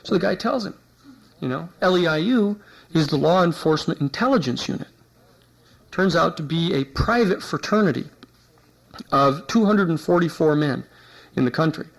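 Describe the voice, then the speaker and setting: A man giving a university lecture, telling an anecdote in an animated way and acting out the people he quotes. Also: fairly high pitch, normal speed, vocal fry, pauses often, rough recording. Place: lecture hall.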